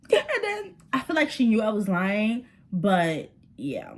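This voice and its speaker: A woman's voice: medium pitch, moderate pace, few pauses. Young New woman telling a story. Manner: animated, slangy, addresses viewers as y'all. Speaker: vlogger. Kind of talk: storytime vlog, casual chat.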